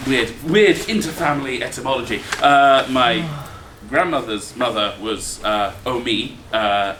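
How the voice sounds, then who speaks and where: A man's voice: mid-range voice, sharp tone. A man on a live comedy stage, rambling through a self-deprecating story with many ums. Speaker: improv comedy performer. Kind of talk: comic storytelling monologue. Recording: echoey room with background noise.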